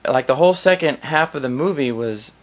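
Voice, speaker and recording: A man's voice: medium pitch, expressive, a little fast. A man giving a casual spoken film review in a sarcastic, rambling, mocking way.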